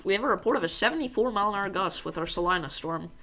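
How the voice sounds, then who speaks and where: A woman's voice: mid-range voice, animated, very fast, pushed and bright, a little hiss or hum. An American woman giving casual live storm-tracking commentary, reading viewer chat aloud and bantering with them. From United States. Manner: self-deprecating. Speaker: weather livestreamer.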